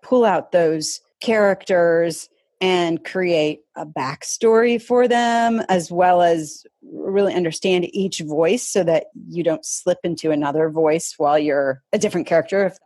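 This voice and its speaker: A woman interviewer asking curious, measured questions. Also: fairly low pitch, a little mellow, husky, dry recording.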